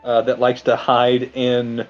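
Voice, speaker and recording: A man co-hosting a casual movie podcast, his voice at an everyday middle pitch. He riffs sarcastically and tosses in exaggerated quoted voices. The audio is slightly dull and lo-fi, with faint music behind him. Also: completely flat delivery, takes it slowly. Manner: wry, sarcastic, with over-the-top quoted voices. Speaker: podcast co-host.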